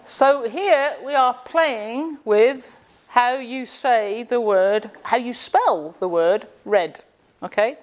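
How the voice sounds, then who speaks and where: A woman's voice: on the high side, takes it slowly. A woman giving a classroom lecture with jokes, sarcastic and quizzing her audience in a room. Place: indoor room with a live audience.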